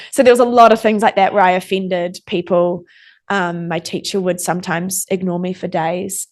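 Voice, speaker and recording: A woman's voice: lowish voice, steady tone, normal speed. A young woman, an interview guest chatting casually and acting out old conversations as she tells stories. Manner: chatty storyteller, lots of "like", acts out quoted exchanges.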